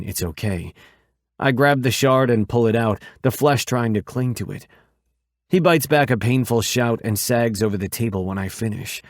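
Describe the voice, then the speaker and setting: Reading an audiobook at a fairly low pitch, the man keeps his storytelling calm and even. The audio is clean studio sound with no echo.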